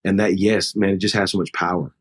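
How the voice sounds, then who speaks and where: Earnest middle-aged pastor telling stories, low voice. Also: male voice, quick pace. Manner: earnest, conversational, animated storyteller. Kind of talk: personal storytelling in a podcast interview.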